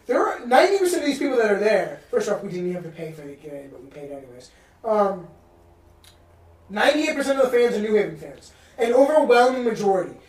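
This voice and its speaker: A man's voice: high voice, darkish tone, far from the mic. Rambling, profane man in a roomy room. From New England. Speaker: podcast host. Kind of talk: casual chat. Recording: roomy sound from off-mic.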